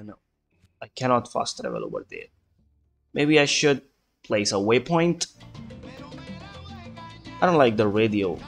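A man giving casual gameplay commentary, chatty and muttering to himself, swearing often, and putting on an accent for fun. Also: mid-range voice. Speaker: gaming video creator.

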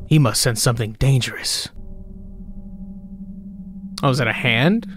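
A man's voice: mid-range voice, measured pace, faint music behind. A young man hosting a reaction video, giving casual comedic commentary that is sarcastic and full of swearing. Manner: animated, sarcastic, swears freely.

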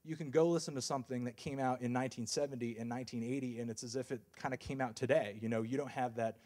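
A young man gives a casual university talk about his work as a music reviewer. He rambles and jokes at his own expense, with plenty of fillers and restarts. His voice sits at an ordinary, mid-range pitch for a man. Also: fairly even intonation, fast talker, few pauses, a little mellow. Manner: rambling and self-deprecating, with many fillers and restarts. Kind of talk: casual lecture.

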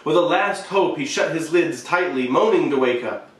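A man reading a short story aloud, expressive, with shifting emphasis and the occasional slip. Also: on the high side, moderate pace, distant mic. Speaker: reader. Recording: very echoey room, voice away from the mic.

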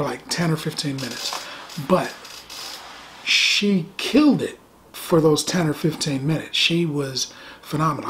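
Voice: medium pitch, a little hiss or hum. A middle-aged movie reviewer talking casually and animatedly, with sarcastic asides and phrases repeated for effect.

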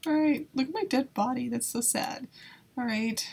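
A woman's voice: high-pitched, normal speed, gravelly, darkish tone, breathy edge. A woman giving casual gameplay commentary in a nervous, exclaiming way, laughing often. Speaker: YouTuber playing a video game.

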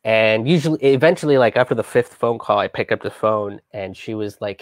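A man casually telling a heavy personal story on a live stream, halting and restarting often and swearing freely. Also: lowish voice, no room sound, clean studio sound.

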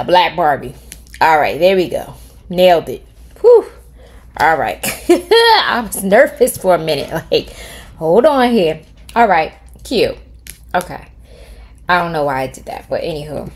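A middle-aged woman hosts a casual tutorial from home, screen-recording as she chats with viewers she calls "y'all" and thinks aloud while typing prompts. Her voice is fairly low and husky.

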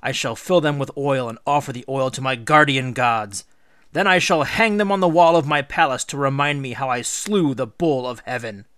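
A man voicing a proud, boastful hero king who declaims loudly in a read-aloud story. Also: medium pitch, moderate pace, clean tone, no echo, studio quality, natural voice. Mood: proud boasting.

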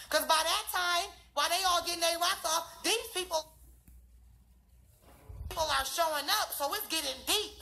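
High, bright-voiced young woman ranting. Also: fairly quick. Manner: profane, emphatic, repetitive. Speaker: friend telling her account. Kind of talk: heated storytelling rant.

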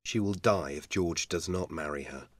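A man voicing a faithful, serious young officer in a storybook reading, speaking quietly. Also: low-pitched, normal speed, no room sound.

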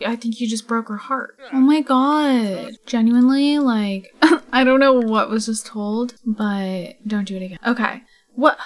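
A young woman hosting a casual let's play, chatting and reacting out loud as she plays, sometimes dropping into a whisper. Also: fairly high pitch, unhurried. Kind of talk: casual gameplay commentary.

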